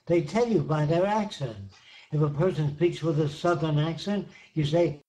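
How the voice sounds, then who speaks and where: An older man answering questions in an online seminar, explaining his ideas slowly and emphatically, with plenty of examples. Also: a little high, mellow, low-quality recording. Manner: slow, emphatic, repeats points with examples.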